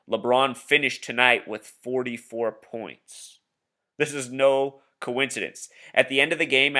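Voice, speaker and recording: Bright and forceful, a mid-range male voice belongs to a video blogger talking casually over his screen share. He pushes his theories with conspiratorial insistence, speaking straight to the "Truth Seeker" watching.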